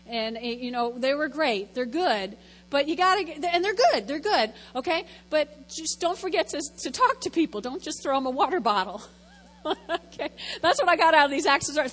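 A woman's voice: high-pitched, fairly bright tone, in a large hall, low-quality recording. A woman, a lay speaker, giving a chatty, rambling, self-deprecating testimony talk at church.

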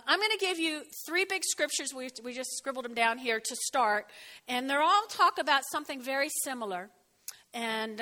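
High bright woman preaching in a reverberant hall. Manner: animated, chatty, jokes and laughs with the congregation. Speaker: pastor. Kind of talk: lively sermon. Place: church hall. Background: congregation shouting out.

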